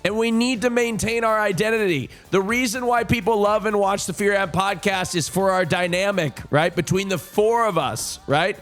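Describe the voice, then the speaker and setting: Talking to his chat at normal speed with hardly any pauses, a man live-streams profane, repetitive stories and keeps checking in with viewers. His voice is high and a bit bright, over soft background music.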